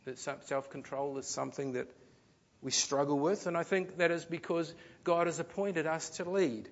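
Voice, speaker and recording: A man preaching a sermon, earnest, swinging between loud emphasis and soft, low phrases, with some repeated words. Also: fairly even intonation, normal speed, dull audio. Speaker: pastor.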